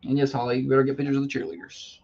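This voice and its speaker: A man co-hosting a morning radio show, chatting casually and joking with quick asides. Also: mid-range voice, completely flat delivery, darkish tone, lo-fi sound, a little hiss or hum.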